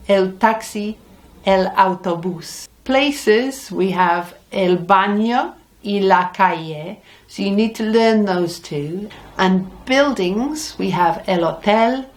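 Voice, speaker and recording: A middle-aged woman teaching a language lesson, patiently repeating words for learners. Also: fairly low pitch. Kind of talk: slow, deliberate Spanish lesson.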